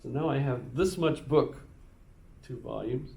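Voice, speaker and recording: A man with a gravelly, dark-toned voice tells a meandering story to his class. He stumbles and restarts often, doubling back over his own words. He plays with wordplay and puns as he goes. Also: medium pitch, a little slow. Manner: rambling, with frequent restarts and repeated words. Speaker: instructor.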